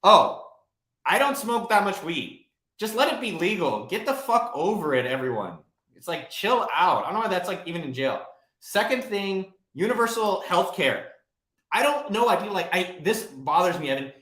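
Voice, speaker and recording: A man's voice: high-pitched, animated, moderate pace, a bit bright. A man hosting a casual live Q&A stream, talking in a blunt, profane, rambling way. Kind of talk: casual livestream Q&A. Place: home office, livestreaming. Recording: roomy echo.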